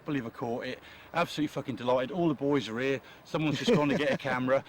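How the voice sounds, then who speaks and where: Excited man talking fast at a lake. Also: medium pitch. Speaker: angler at the lake at night. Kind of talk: excited casual chat. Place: lakeside at night, outdoors. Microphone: camcorder on-board mic. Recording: grainy old camcorder audio with group noise.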